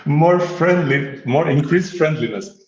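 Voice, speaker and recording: A man walks through a software demo in easy conversation, joking and laughing as he goes. He stumbles and restarts often. The audio is roomy and slightly muffled. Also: a little high, measured pace. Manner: playful, laughs often, many filler restarts. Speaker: guest demonstrating software. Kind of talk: casual tech demo chat.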